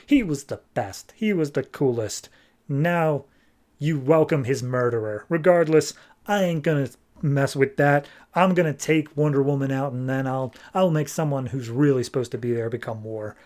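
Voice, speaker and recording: A man's voice: medium pitch, normal speed, darkish tone, close to an everyday voice. A man voicing a spiteful, scornful goddess of strife in a sneering, scolding tone.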